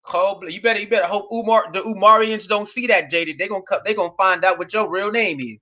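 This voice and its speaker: A man's voice: sits high, fast talker, bright, forceful tone, highs cut off. A man hosting a live stream, giving casual reaction commentary and reading chat aloud, laughing often and repeating his phrases.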